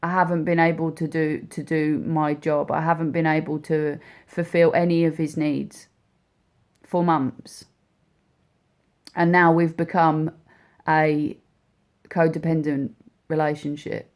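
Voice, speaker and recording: A woman speaking as a mother, telling a personal story in a heartfelt, halting way with many repeats and restarts. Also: sits low, flat delivery. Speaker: mother speaking about her son.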